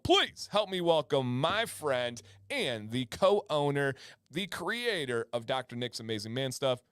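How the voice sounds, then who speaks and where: A man's voice: on the high side, fairly bright tone, clear, resonant tone, dry recording, clean studio sound. A man co-hosting a livestream in a casual, enthusiastic chat, laughing often. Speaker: livestream co-host.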